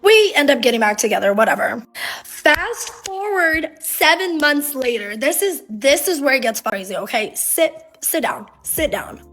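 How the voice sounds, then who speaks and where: A woman's voice: sits high, very animated, moderate pace, fairly bright tone. Young woman rambling through a dramatic story. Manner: rambling, heavy use of "like", emotional retelling. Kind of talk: casual storytime.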